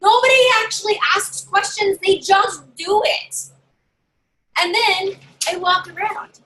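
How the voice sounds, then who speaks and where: Chatty, bossy high-voiced woman. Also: fairly even intonation, slow, a bit bright, slight background noise, low-quality recording. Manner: chatty and bossy, acts out her own party lines. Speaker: direct-sales party consultant. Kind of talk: casual how-to tips to camera. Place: home desk with a drawer and her dog nearby.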